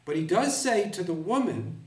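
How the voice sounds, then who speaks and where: A man's voice: high voice, animated. A man teaching a Bible class to a live audience, carefully explaining the meaning of words one at a time. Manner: deliberate, explaining word by word. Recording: roomy, recorded from a distance.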